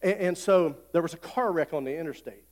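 A middle-aged male pastor, preaching a folksy sermon that swells into loud, repeated declarations. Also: a little high, brisk. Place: church sanctuary. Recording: long hall reverb.

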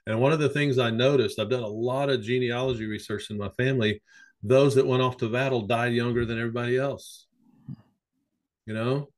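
A man's voice: medium pitch, a little fast. A middle-aged man, a psychotherapist, telling long anecdotes in a casual conversation. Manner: rambling storyteller, lively anecdotes. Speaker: psychotherapist guest.

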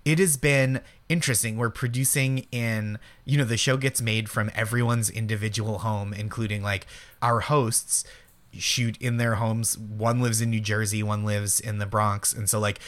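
A man from Eastern Massachusetts with a local accent, a comedian guest chatting casually, self-deprecating and quick to laugh. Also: on the low side, fairly even intonation, a bit bright. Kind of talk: casual chat.

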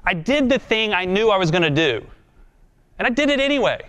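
A man's voice: high-pitched, big pitch swings, a little fast, a bit bright, clean tone. A man preaching a sermon in a conversational, earnest and self-deprecating way, then leading a prayer. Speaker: pastor.

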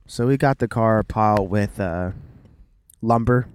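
A vlogger and father in his thirties chats casually with his wife while driving the car, trading playful jokes and asides. His voice is on the low side, smooth and a little mellow, at a measured pace.

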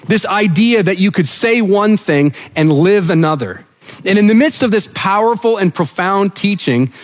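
A man from New Brunswick, Canada, preaching a sermon as pastor, telling the story vividly and acting out the quotes. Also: high-pitched. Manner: animated storytelling preacher, acts out quotes, drops to soft emphasis.

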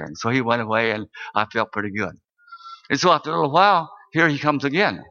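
A man's voice: medium pitch, quick pace, sharp tone. An older man, a minister, telling a story in a sermon with earnest, sometimes fervent delivery. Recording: dull lo-fi recording.

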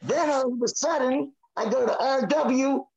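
A man's voice: extremely high pitch, unhurried, vocal fry, darkish tone, breathy edge, lo-fi sound. A man co-hosting a podcast, ranting angrily and swearing hard. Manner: angry, swearing, fired up. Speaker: podcast co-host. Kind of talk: profane ranting chat.

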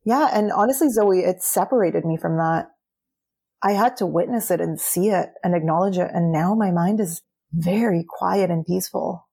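A young woman with a slightly low voice talks candidly as an interview guest. She is earnest and chatty, with frequent "like" fillers, and her pitch sits a little under the usual range. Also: moderate pace, vocal fry, mellow, breathy edge. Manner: chatty, earnest, says "like" often. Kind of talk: candid personal storytelling.

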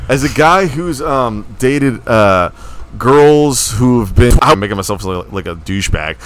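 A man's voice: mid-range voice, animated, unhurried, slight background noise. A young man co-hosting a podcast in casual, rambling, crude and jokey chat. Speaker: podcast co-host.

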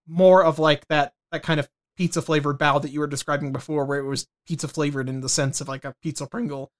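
A man with a slightly high voice co-hosts a casual podcast. He talks loosely and swears casually. He also reads news items aloud between jokes. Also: steady tone, quick pace. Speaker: podcast co-host.

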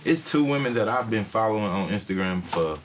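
A man's voice: fairly low pitch, expressive, brisk. A man chatting casually as a podcast co-host, blunt and emphatic, swearing freely. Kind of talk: casual chat. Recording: noisy recording.

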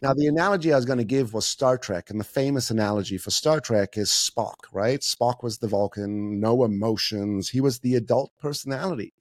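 A man's voice: mid-range voice, a little fast, few pauses, no echo. Guy on a podcast explaining stuff with analogies, dry and close. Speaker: guest, communication coach. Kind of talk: casual interview talk.

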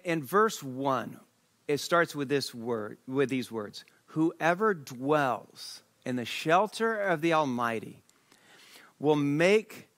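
A man preaching a sermon, reading scripture slowly and breaking off into an animated story. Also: fairly high pitch. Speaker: pastor.

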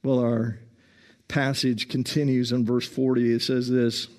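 A male pastor preaching a sermon in a calm, earnest way, often saying "listen" and repeating himself with small restarts. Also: mid-range voice, unhurried. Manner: frequent small restarts and stammers.

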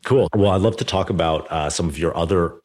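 Speaking briskly in a low voice, this man hosts a podcast interview and recounts something from his own life. His delivery is lively and loose, full of fillers such as "like" and "you know."

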